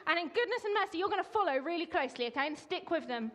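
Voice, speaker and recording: Chatty high-voiced woman giving a sermon. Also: expressive, rapid-fire. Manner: chatty and upbeat, directing helpers up front. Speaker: church speaker. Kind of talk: informal sermon with volunteers. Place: church hall.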